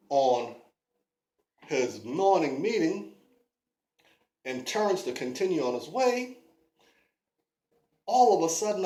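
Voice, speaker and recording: A woman narrating a story in a drawn-out, playful way, recorded in a roomy space. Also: lowish voice, a little mellow. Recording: roomy echo.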